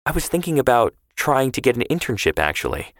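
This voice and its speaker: A man's voice: medium pitch, big pitch swings, fairly quick, no echo, studio quality, voice pushed up. A man reading the part of a polite, eager-to-please teenage girl who answers hesitantly. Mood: earnest.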